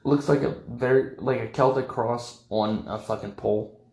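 Blunt, enthusiastic man, gravelly mid-pitched voice, casual gaming talk in a roomy space. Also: fairly even intonation, moderate pace, darkish tone. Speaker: tabletop gaming podcast co-host. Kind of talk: casual banter about tabletop games. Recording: echoey room.

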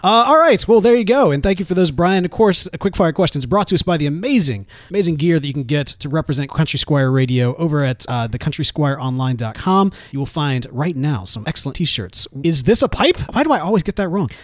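A man's voice: fairly high pitch, lively intonation, quick pace, few pauses, no room sound, clean studio sound. A man from the South, co-hosting a podcast in casual, playful chat and laughing often. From American South. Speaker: podcast co-host.

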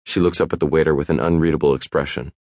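A man narrating a first-person audiobook in a wry, even storytelling manner. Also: very deep voice, rapid-fire, no room sound, clean studio sound.

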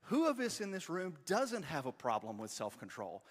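A man in his forties preaching a sermon, telling a self-deprecating story in a lively, storytelling manner. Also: fairly high pitch, normal speed, big-room sound. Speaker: pastor. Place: church sanctuary.

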